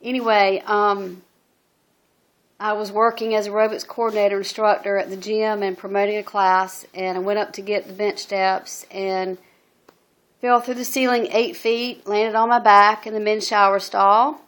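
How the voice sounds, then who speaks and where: A middle-aged woman telling her story as a single mother in a personal video message, halting and earnest, with many ums and restarts. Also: mid-range voice, little pitch movement, a bit bright. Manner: earnest and emotional. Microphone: phone.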